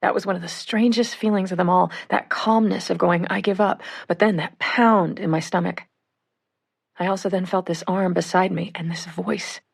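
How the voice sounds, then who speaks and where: A woman reading first-person witness accounts for an audiobook in a measured way. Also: fairly low pitch, steady tone, gravelly, slightly rough. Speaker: audiobook reader.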